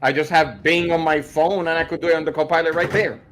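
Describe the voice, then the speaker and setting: A man's voice: on the high side, fairly even intonation, fast talker, a bit bright. Wry male co-host on a noisy line. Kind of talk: casual chat.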